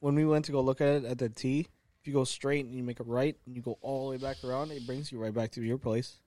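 A man's voice: medium pitch, fairly even intonation, fast talker, dark tone. A young man in casual podcast chat with friends, joking and laughing a lot.

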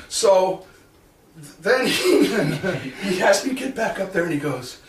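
A man's voice: sits high, measured pace. A man telling stories in a casual interview, acting out what others said, swearing and laughing often. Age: 40s or older. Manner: animated storyteller who acts out quotes, swears and laughs often. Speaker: guest, wrestling manager and comic hypnotist. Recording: roomy echo from a distant mic with faint noise.

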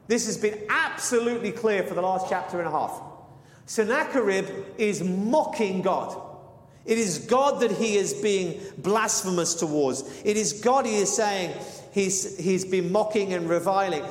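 Male preacher, high voice, earnest and explanatory, reverberant church room. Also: expressive, normal speed. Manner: explanatory, earnest, with self-corrections. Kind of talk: expository sermon. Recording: reverberant hall.

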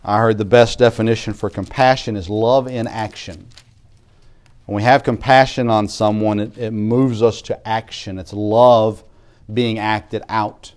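A man preaching a sermon, reading scripture aloud in King James wording and building from quiet reflection to louder emphasis. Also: lowish voice, fairly even intonation, a little slow, smooth.

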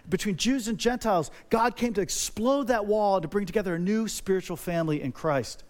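A middle-aged male pastor preaching a sermon, emphatic and repetitive, building energy by repeating phrases. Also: sits high.

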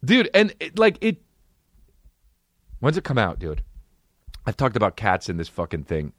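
A man hosting a comedy podcast, ranting excitably and swearing as he jumps between voices. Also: mid-range voice, dry recording, clean studio sound. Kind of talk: profane comedic rant.

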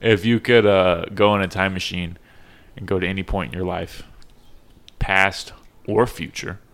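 Podcast host, male, very low pitch, relaxed chuckling chat. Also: a little slow. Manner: laid-back, chuckling, asks questions. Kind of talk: casual chat.

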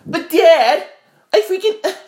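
A man's voice: very high-pitched, expressive, a little slow, voice pushed up. A man voicing a young male lion cub as a whiny, drawling surfer boy.

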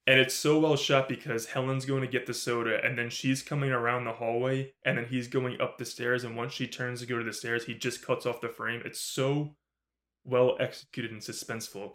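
A man co-hosting a horror movie podcast, in a loose, casual chat. He laughs a lot, swears freely and puts on quick voices to replay scenes from the film. His voice sits at an ordinary middle pitch. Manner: animated, swears a lot, laughs often, acts out character lines. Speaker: podcast co-host.

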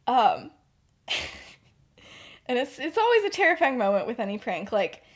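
A young adult woman hosting a podcast, telling a fan-fiction story in a casual, rambling way, often giggling and filling pauses with "like" and "um". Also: on the high side, big pitch swings. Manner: giggly, rambling, filler-heavy. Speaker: podcast host.

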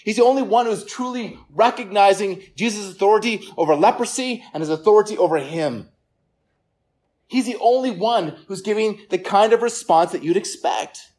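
Earnest preacher with hushed emphatic drops. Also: mid-range voice, normal speed. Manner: earnest, often repeats words, drops to quiet for emphasis. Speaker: pastor. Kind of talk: sermon. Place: church service room with listeners.

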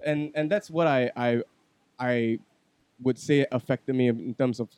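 A man speaks in on a podcast, blunt and liberal with swear words. He drops to quiet reflection, then gets loud and animated as he tells his story. The sound is close and dry. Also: mid-range voice, a little slow, smooth, no room sound. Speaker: podcast guest. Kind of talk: casual podcast chat.

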